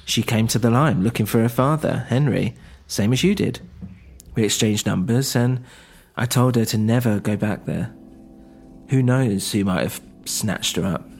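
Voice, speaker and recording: A man voicing a blunt, protective woman who talks in a brisk, matter-of-fact way in a storybook reading. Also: fairly low pitch, vocal fry, darkish tone, breathy edge.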